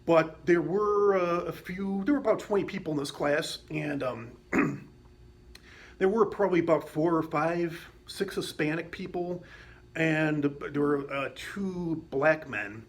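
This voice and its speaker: A man's voice: a little high, unhurried. A man telling a personal story in a casual, rambling way, with many fillers and restarts and some blunt swearing. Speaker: vlogger.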